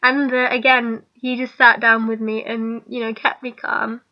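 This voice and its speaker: A woman's voice: fairly high pitch, little pitch movement, unhurried. A young woman chatting casually to camera, rambling and giggling as she talks. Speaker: vlogger. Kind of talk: casual chat. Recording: dull lo-fi recording.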